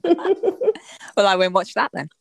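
A woman's voice: mid-range voice, very animated, takes it slowly, vocal fry, noisy background. A woman co-hosting a casual podcast, laid-back and laughing, with some casual swearing. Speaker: podcast co-host. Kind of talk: casual chat.

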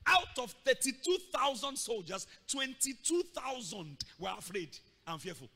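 A male pastor preaching a sermon, acting out scenes and bursting into loud shouts. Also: extremely high pitch, very animated, moderate pace. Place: church hall. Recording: long reverb of a large hall.

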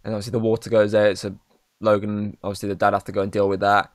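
A man's voice: lowish voice, little pitch movement, fast talker, dry recording, studio quality. Rambling young man reviewing a film. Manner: rambling, says "obviously" constantly, swears freely. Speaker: podcast co-host. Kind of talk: casual film review chat.

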